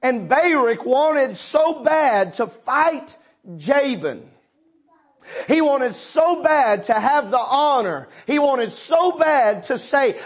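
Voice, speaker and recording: A man pastor preaching a sermon, swelling loud and dropping low, calling on congregation members by name. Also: lively intonation, slow.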